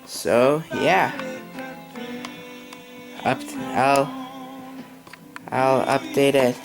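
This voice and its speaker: A young woman chats to her camera in a travel vlog, taking her time and pausing often. Music plays along under her voice, and her tone is casual and halting. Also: rumbling low, vocal fry. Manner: relaxed, halting, with fillers. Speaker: vlogger.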